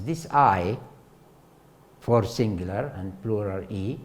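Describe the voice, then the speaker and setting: A man giving a university lecture, a native Arabic speaker talking in English, slow and halting, with many fillers, repeats, and questions to the class. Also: medium pitch, big pitch swings, darkish tone. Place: lecture hall.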